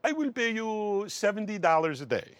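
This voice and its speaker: A man imitating an eccentric male film director who speaks in halting, broken English. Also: high-pitched, animated, no room sound, pitched above the performer's own voice. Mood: eager, insistent.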